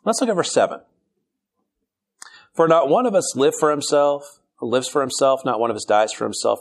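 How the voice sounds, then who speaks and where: A middle-aged man preaching a relaxed, joking sermon. His voice sits in an ordinary middle pitch. He reads scripture and then talks it through plainly. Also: a little fast. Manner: conversational and humorous, reads scripture then explains it.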